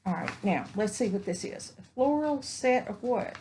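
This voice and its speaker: A woman's voice: medium pitch, lively intonation, normal speed, warm tone, a little hiss or hum. A woman, chatting casually while unboxing crafts at home, gushing and exclaiming over each find. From Texas. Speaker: vlogger. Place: home indoors, evening.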